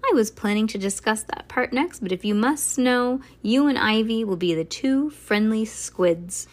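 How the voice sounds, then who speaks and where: A woman voicing a prim adult ballet teacher in a read-aloud storybook, speaking slowly and formally. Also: on the high side, lively intonation.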